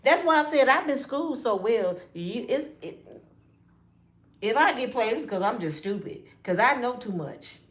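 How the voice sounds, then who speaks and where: A woman telling a personal story in casual slang, often addressing listeners as y'all and acting out what people said, dropping to a hush or rising with feeling. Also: fairly high pitch, moderate pace. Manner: animated, acts out quotes with hushed and raised voices. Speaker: storyteller speaking to her audience.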